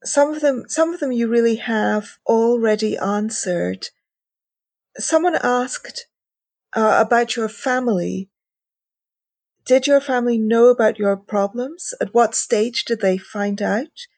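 A woman hosting a conversational interview, curious, frank and relaxed as she asks questions. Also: fairly high pitch, measured pace, dry recording. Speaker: interviewer, podcast host.

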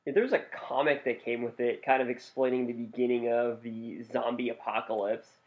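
A young man with a mid-pitched voice co-hosts a casual podcast. His delivery is laid-back, dry and sarcastic. The recording sounds dull and lo-fi. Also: little pitch movement, moderate pace. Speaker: podcast co-host. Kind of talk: casual chat.

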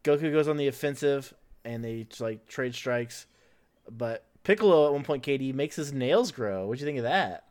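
Podcast host, male, mid-pitched, chatty and loose, laughs easily. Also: animated, normal speed, a little mellow, smooth. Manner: chatty, laughs often, fills in with "like" and "uh". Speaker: podcast host recapping an anime episode. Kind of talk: casual podcast recap.

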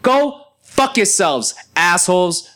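Young male host, profane angry rant, big swings from quiet to loud. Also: slow. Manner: angry, profane, heavy cursing; animated, swings into loud high outbursts. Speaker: podcast host. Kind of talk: ranting monologue.

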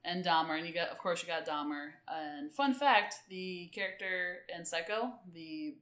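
A woman's voice: lowish voice, normal speed, fairly bright tone, roomy sound. A woman co-hosting a podcast, chatting casually and rambling with many ums and restarts. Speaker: podcast co-host. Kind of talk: casual chat.

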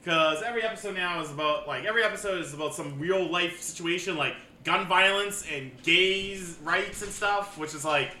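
A young man talks fast and rambles through casual podcast banter, swearing freely. His voice is bright and slightly high. The room echoes noticeably, with a faint hiss behind him. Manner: rambling, swears, laughs often. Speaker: podcast co-host. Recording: roomy echo, faint background noise.

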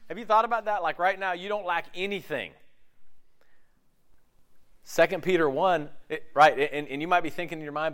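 A pastor preaches a sermon conversationally, frequently asking his listeners questions and acting out the voices in their heads in quotes. His voice is fairly high and a bit bright, at normal speed with long pauses.

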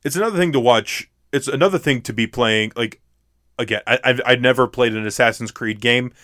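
Male podcast co-host, mid pitch, dry close sound, loose rambling chat. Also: fairly quick, fairly bright tone, dry recording. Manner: rambling, self-interrupting, laughs often. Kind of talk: casual chat.

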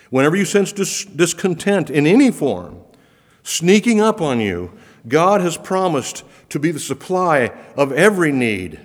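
Earnest preacher in a reverberant hall. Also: male voice, on the high side, sing-song, measured pace. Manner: earnest, emphatic, rising for repeated promises. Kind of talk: sermon.

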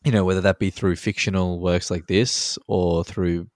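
A man's voice: low voice, fairly even intonation, normal speed, no room sound, studio quality. A man co-hosting a podcast in casual, loose chat, swearing freely, with lots of ums and chuckles. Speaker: podcast co-host.

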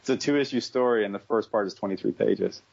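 Brief: husky, deep-ish man, rambling wry storyteller, dull lo-fi audio. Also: fairly quick, a little mellow. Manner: rambling, many restarts and fillers, wry. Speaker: comic book writer guest. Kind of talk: casual podcast conversation.

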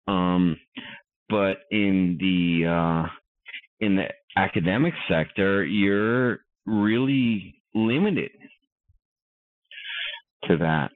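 A man talking casually as a podcast guest, halting and full of fillers and restarts, heard over a call line. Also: sits low, dry recording. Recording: tinny phone-line call.

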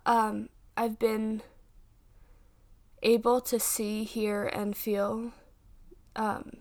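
A woman's voice: on the high side, little pitch movement, extremely slow, a little mellow. A woman in her twenties hosting a casual podcast, chatting in a rambling way with many fillers and restarts. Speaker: podcast host and paranormal investigator. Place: home.

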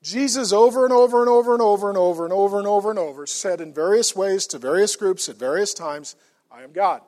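A middle-aged man preaching a sermon as a pastor, emphatic, swinging from hushed asides to loud repeated questions. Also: sits high, quick pace.

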